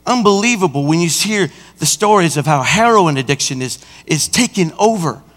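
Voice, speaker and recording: A senior pastor preaching a sermon, acting out a roadside anecdote with lively emphasis. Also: male voice, a little high, moderate pace. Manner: animated preaching, acts out an anecdote. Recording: church hall with long reverb.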